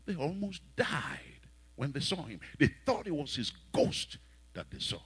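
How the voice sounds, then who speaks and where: A man with a Nigerian accent preaching a sermon, telling stories and breaking into sudden loud exhortations. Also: fairly high pitch, very animated, unhurried, husky, no room sound, rough recording.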